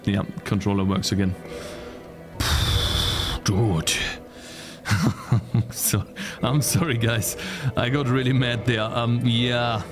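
Male streamer; loose, profane play-by-play for his chat, quick to frustration, over game music. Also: medium pitch, steady tone. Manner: swears freely, easily frustrated, talks to chat. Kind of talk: casual gaming commentary.

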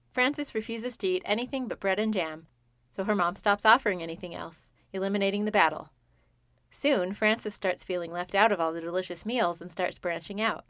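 A woman's voice: medium pitch, fairly bright tone, no echo. A woman hosting a parenting podcast, reading her scripted narration in an upbeat, chatty way with small laughs. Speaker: podcast host.

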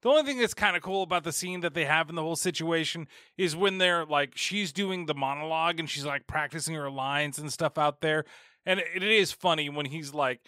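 Brief: male podcast host, sarcastic, swears freely, crisp bright tone, fairly high voice. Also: fairly quick, no room sound, clean studio sound. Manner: rambling, profane, sarcastic. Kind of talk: casual film review.

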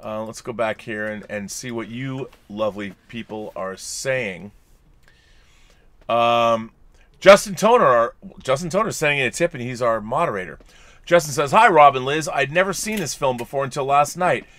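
Animated man reading viewer chats. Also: mid-range voice, moderate pace. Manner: animated, reads chats aloud with playful voices. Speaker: podcast co-host. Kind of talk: casual livestream chat reading viewer messages.

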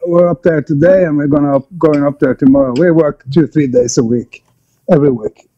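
Man, Norwegian accent, non-native English, mellow voice, slightly dull call audio. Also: on the high side. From Norway. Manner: relaxed, halting, with many fillers and restarts. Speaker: guest musician. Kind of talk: casual remote interview.

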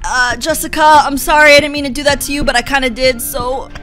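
A young woman commentating on her own gameplay, excitable and talking back to the characters on screen, sometimes bursting into shouts. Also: high voice, a little fast. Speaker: gaming YouTuber. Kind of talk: let's-play commentary. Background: game music.

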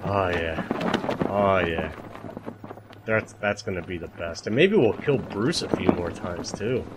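A young man livestreaming a survival game, chatting to his viewers with animated, self-mocking commentary, swearing and laughing as he goes. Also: fairly low pitch, moderate pace, very noisy. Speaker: streamer. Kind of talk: live-streamed gameplay commentary.

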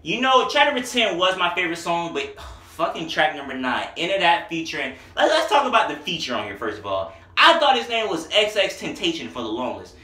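A man's voice: a little high, huge pitch swings, fairly quick, bright, forceful tone. Profane joking young man in an echoey room. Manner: rambling, profane, joking riffs. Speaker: vlogger reviewing a mixtape. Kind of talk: casual comedic music review. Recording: echoey room, mic at a distance.

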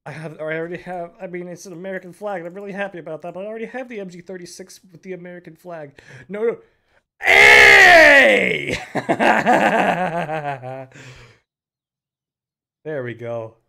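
A young man giving live commentary on a game, excitable, breaking into loud yells and laughter. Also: high-pitched, racing, few pauses. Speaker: game streamer.

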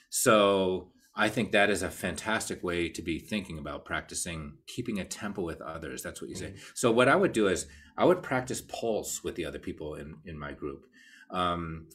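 A man with an American accent giving a casual live online cello lesson, explaining ideas and counting beats out loud. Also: low voice, breathy edge. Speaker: cello teacher. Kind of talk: live online masterclass talk.

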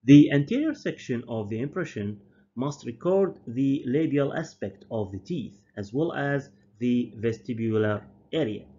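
A man, a native Arabic speaker, giving a university dental lecture slowly and deliberately, often repeating and correcting his terms. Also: medium pitch, expressive, mellow, a little hiss or hum. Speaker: dental professor. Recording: dull lo-fi lecture recording.

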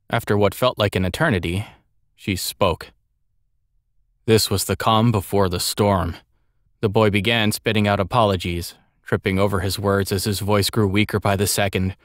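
A man reading a story aloud as an audiobook narrator, in a measured, expressive way. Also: on the low side, no echo, studio quality. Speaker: audiobook reader.

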